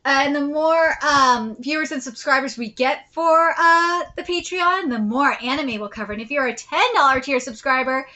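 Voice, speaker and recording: A woman's voice: high voice, normal speed, few pauses, muffled recording. A woman hosting a live manga reaction, chatting casually with lots of fillers and reading the chapter aloud. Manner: chatty, many fillers, excitable. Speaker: host.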